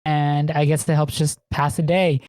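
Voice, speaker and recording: A man's voice: fairly high pitch, little pitch movement, normal speed, darkish tone. A man co-hosting a podcast, chatting casually and telling rambling stories full of swearing and laughter. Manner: rambling, profane storytelling with frequent laughs. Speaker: podcast co-host. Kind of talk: casual chat.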